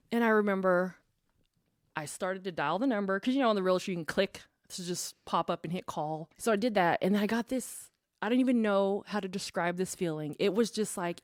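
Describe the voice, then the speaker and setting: A woman's voice: on the low side, no room sound, clean studio sound. A woman guest on a podcast, telling her own story in casual chat and acting out what others said. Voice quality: acts out quoted dialogue. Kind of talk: animated personal storytelling.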